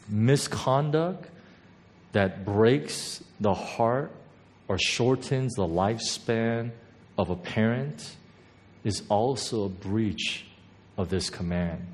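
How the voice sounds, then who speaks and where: A man delivers a sermon to his congregation, his voice sitting a little low. He talks it through like a personal story, relaxed and conversational, tossing in "right?" to keep the room with him. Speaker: pastor. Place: church hall before a congregation.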